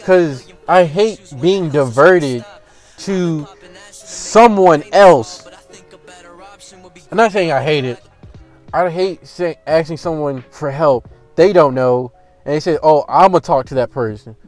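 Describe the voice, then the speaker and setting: A man's voice: on the high side, takes it slowly, pauses often, soft background music. A young man telling a story about his job as a casual, profane rant, acting out the people he quotes. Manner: profane, animated, restarts and acts out quoted lines.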